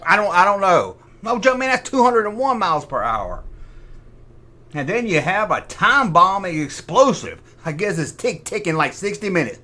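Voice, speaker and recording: A middle-aged man with a rather high, bright voice hosts a jokey toy review. He swoops up and down constantly, tosses off sarcastic asides and mimics sound effects himself. The tone is playful. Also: sing-song, normal speed. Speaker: toy collector host.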